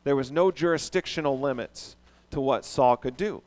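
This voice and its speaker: A man preaching a sermon in an animated way, asking the congregation questions. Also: mid-range voice, normal speed. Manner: animated, asks the audience questions. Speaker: pastor.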